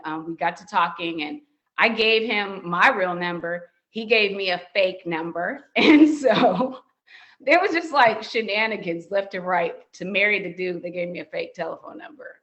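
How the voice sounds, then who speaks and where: A middle-aged woman, a podcast guest, telling a casual story and acting out the quoted dialogue in a raised voice. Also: moderate pace. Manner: animated, acts out quoted dialogue in higher voices.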